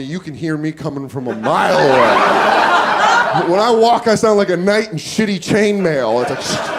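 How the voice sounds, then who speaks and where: A man doing stand-up, telling a story on a comedy club stage and acting out the other people's lines. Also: high voice. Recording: live club recording with a loud crowd.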